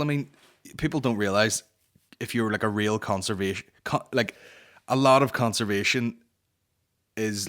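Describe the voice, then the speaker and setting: A man's voice: mid-range voice, a bit bright. A man hosting a comedy podcast, ranting crudely and mocking, slipping into voices of the people he talks about. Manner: sweary, mocking, acts out voices. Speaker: podcast host.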